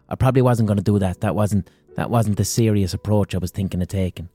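An Irish man rambles through a profane comic monologue as a podcast host. His voice is low and mellow, with a relaxed warmth to it. He builds jokes with loose asides and blunt swearing. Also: quick pace, hardly any pauses, dry recording, faint music behind.

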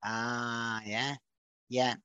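A man hosting a casual football chat, chatty and laughing, often trailing off quietly. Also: mid-range voice, flat delivery, drawn-out words, clear, resonant tone, no echo. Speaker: podcast host.

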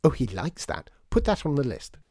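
Man voicing a cheerful, brisk young woman. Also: medium pitch, huge pitch swings, a little mellow, dry recording, studio quality, pitched above the performer's own voice. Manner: cheerful, brisk, matter-of-fact.

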